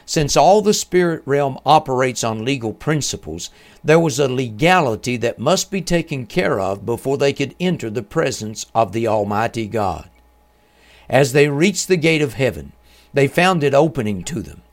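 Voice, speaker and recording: A man hosting a religious radio program, reading a scripted narration in a measured, solemn way. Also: medium pitch, lively intonation.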